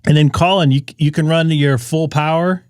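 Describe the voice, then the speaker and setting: A man's voice: a little high, fairly even intonation, normal speed, no room sound, clean studio sound. A man hosting a ham radio live stream, chatting casually and rambling in asides to his viewers.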